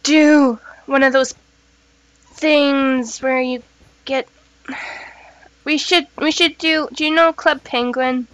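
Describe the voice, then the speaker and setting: A woman hosting her gaming channel, chatting casually and excitably with lots of giggles as she plays. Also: high voice, slow, long pauses, dry recording, low-quality recording. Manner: excitable and giggly, exclaims at the game. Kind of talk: casual gameplay chat.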